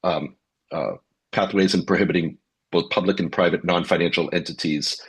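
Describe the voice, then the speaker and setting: A man as a guest on a fintech podcast, explaining in a measured way, with many ums and uhs. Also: low-pitched, steady tone, breathy edge. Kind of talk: casual podcast conversation.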